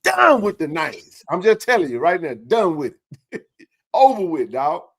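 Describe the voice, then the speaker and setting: Animated high-voiced man talking sports. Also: normal speed. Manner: animated, joking, slangy, laughs often. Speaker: sports talk show host. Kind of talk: casual sports banter.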